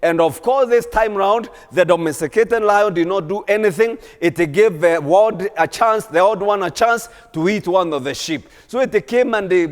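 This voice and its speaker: A man preaching a sermon in a church, animated and exhorting with repeated calls to the congregation. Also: sits high, normal speed, few pauses. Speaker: pastor. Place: church hall. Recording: long church hall reverb.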